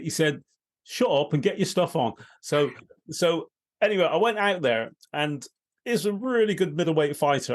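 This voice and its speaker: Lively higher-voiced man. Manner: lively, laughing anecdote teller. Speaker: interviewer, host. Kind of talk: casual conversational storytelling.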